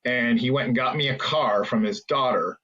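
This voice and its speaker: A man's voice: medium pitch, moderate pace, bright, forceful tone, highs cut off. A man, a former hockey player, rambling through anecdotes as a podcast guest, with many fillers and restarts. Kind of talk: casual storytelling interview.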